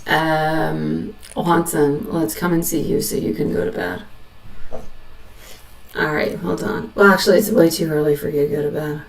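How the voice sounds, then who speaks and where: A woman's voice: deep voice, level tone, moderate pace, vocal fry, echoey room, recorded from a distance, rough recording. A woman giving a live tarot reading, speaking tenderly and reassuringly and calling listeners sweetheart. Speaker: tarot reader.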